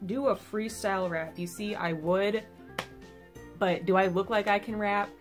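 A woman's voice: medium pitch, fairly even intonation, measured pace, soft background music. A young woman YouTuber chatting casually to camera, bubbly and self-mocking.

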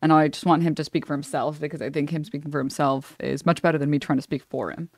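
Low voiced woman streamer rambling, swears a lot, dry close sound, kinda hushed. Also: level tone, fast, no echo. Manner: blunt, profane, rambling with jokes; keeps her voice down at times. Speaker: streamer reacting to a clip. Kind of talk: casual reaction commentary. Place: her apartment.

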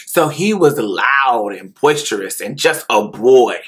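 Slow and candid, this adult man from Indiana relates a personal tale in a rural Indiana accent, often laughing and repeating himself. His mid-range voice is expressive, a bit bright and husky.

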